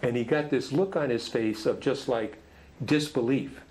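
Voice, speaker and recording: A middle-aged man leading a men's group tells a story gently, with halting restarts. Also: medium pitch, low-quality recording. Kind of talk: storytelling talk.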